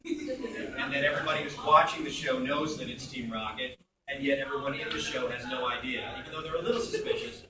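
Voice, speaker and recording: A middle-aged man from Brooklyn, New York, a voice actor talking at a convention panel Q&A in a chatty, animated way, recorded on a phone in the audience. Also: medium pitch, fairly quick, far from the mic, crowd noise. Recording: echoey hall, phone mic from afar.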